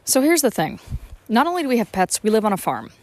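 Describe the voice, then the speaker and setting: A woman's voice: fairly high pitch, huge pitch swings, fast talker, dry recording. Sarcastic ranting woman podcaster. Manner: sarcastic, ranting, swears freely. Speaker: podcast host. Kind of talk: profane comic monologue. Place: small farm, barn.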